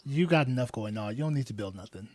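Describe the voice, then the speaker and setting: Podcast co-host, male, mid-pitch, easygoing and teasing, dry sound. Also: lively intonation, fast, darkish tone, no echo. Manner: laid-back, teasing, with fillers. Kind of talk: casual chat.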